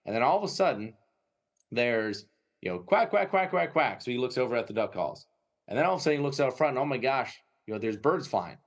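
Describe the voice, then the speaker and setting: Animated man telling dog-training stories. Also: medium pitch. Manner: animated storytelling, acting out dogs and owners; filler-heavy, frequent "right?" tags. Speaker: dog trainer and breeder, guest. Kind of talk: casual podcast conversation.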